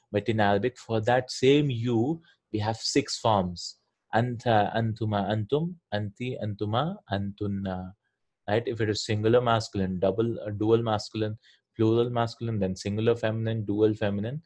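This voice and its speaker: Male Arabic teacher, fairly low voice, patient step-by-step lesson. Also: a little mellow. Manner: patient, explains step by step, asks students questions. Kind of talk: online language lesson.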